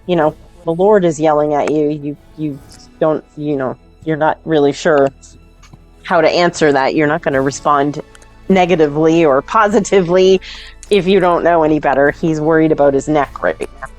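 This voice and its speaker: A woman narrating as game master of a tabletop game, hesitant and pausing often. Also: deep voice, darkish tone, faint music behind. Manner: hesitant, with fillers and laughs.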